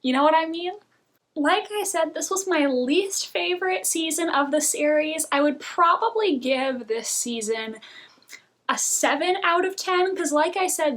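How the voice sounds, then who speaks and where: A woman's voice: high-pitched, a bit bright. A young woman vlogging casual TV reviews, chatty and opinionated, laughing often as she talks. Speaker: book and TV vlogger.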